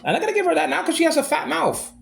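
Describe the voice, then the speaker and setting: A man's voice: extremely high pitch, big pitch swings, very fast, creaky, slight background noise. A man ranting in a monologue, aggrieved and repeating himself as he vents. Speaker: vlogger.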